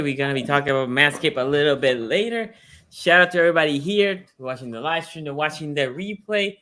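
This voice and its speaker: A man's voice: fairly high pitch, a little fast, slight background noise. A man hosting a live sports talk show, upbeat and chatty, reading out viewer comments. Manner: energetic, reads out chat comments. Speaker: show host. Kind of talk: casual sports podcast chat.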